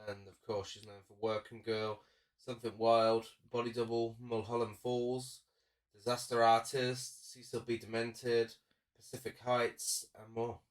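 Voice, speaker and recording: A man's voice: medium pitch, level tone, measured pace, distant mic. A man co-hosting a horror film podcast, chatting casually and enthusiastically while reviewing a movie. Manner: enthusiastic, lists cast credits. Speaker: podcast co-host.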